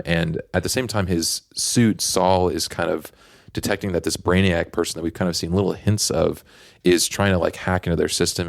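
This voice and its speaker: A man's voice: sits low, creaky, dry recording, clean studio sound. A man co-hosting a podcast, chatting casually about comics with lots of fillers and a rambling flow. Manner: rambling, heavy use of fillers. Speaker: podcast co-host.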